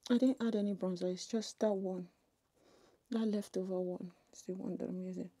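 A woman's voice: lowish voice, steady tone, normal speed, warm tone. A woman, chatting casually and muttering to herself as she does her makeup in a get-ready-with-me beauty vlog at home. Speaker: beauty vlogger.

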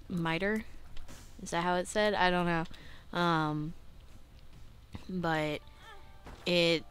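A young woman talks through a game in a smooth, very clear voice that sits a little low. She chats casually and scolds herself, clears her throat now and then, and bursts out loud when the play goes wrong. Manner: chatty and self-critical, breaks into excited outbursts. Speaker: gaming channel host. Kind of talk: casual let's play commentary.

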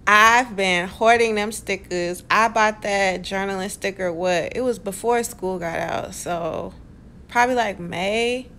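A woman's voice: mid-range voice, measured pace, a bit bright, a little hiss or hum. Chatty, playful woman vlogger. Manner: chatty and playful, addresses viewers as y'all; rambling, self-amused asides. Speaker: planner vlogger. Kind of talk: casual voice-over commentary.

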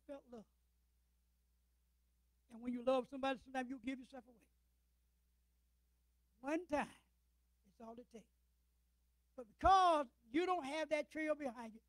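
An older man preaching a sermon, firing rhetorical questions at the congregation and swinging between loud declarations and quiet asides. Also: extremely high pitch, dry recording, rough recording.

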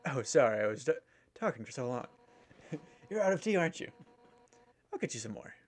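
A man's voice: medium pitch, big pitch swings, a little fast. A man voicing a brash fish warrior woman. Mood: wistful. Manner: loud, boastful, blunt. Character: brash fierce female fish warrior captain. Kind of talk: reading game dialogue aloud.

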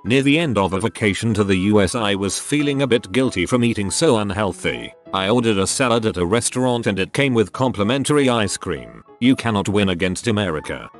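A man narrating reader-submitted stories as scripted narration, reading aloud with a lively, animated delivery. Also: fairly low pitch, a little fast, few pauses, soft background music.

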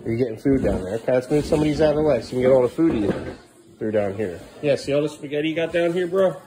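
A man's voice: medium pitch, animated, rapid-fire, background noise. Dad vlogging at home w his little boys, voice bounces up and down a lot, coaxing then fed up. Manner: talks to his young sons, coaxing, then scolding in exasperation. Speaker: father and family vlogger. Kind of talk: casual family vlog.

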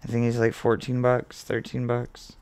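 A man hosting his own video, calmly listing card names as he opens packs and getting excited at the good pulls, with the odd swear word. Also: medium pitch, moderate pace, clear, resonant tone. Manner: relaxed, mildly profane. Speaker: host. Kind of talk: casual card-opening commentary.

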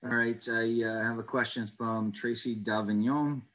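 A man's voice: mid-range voice, monotone, normal speed, pushed and bright, poor audio. A man chairing an online town committee meeting, reading out residents' questions and answering them carefully with many ums and uhs. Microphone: video call.

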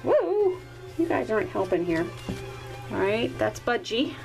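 A chatty woman narrates as she films a litter of puppies indoors with a handheld camera. Her voice sits at an ordinary middle pitch, relaxed and conversational, and she drifts into high, cooing baby talk when she speaks to the pups. Soft music plays faintly underneath. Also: normal speed, gravelly, low-quality recording. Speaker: dog breeder. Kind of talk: casual narration while filming puppies. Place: indoors at a puppy litter area. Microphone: handheld camera, filming one-handed.

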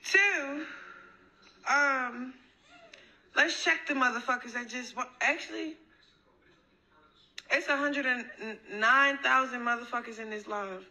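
A woman's voice: on the high side, unhurried, pauses often, sharp tone, poor audio. Defiant woman taunting livestream viewers.

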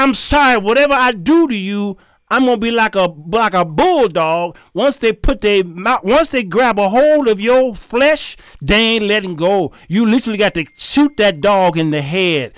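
A middle-aged man, hosting his show and telling a story in an animated, preachy way with sudden shouts. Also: high voice, clear, resonant tone, no echo, clean studio sound. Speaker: show host. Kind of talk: storytelling commentary.

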